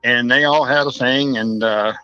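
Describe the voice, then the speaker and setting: A man's voice: mid-range voice, fairly even intonation, normal speed, sharp tone, clear, resonant tone, no echo, muffled recording, soft background music. A man with a Southern American accent, calling in to a radio show and chatting in a folksy, storytelling way. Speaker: caller. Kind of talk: casual phone-in chat.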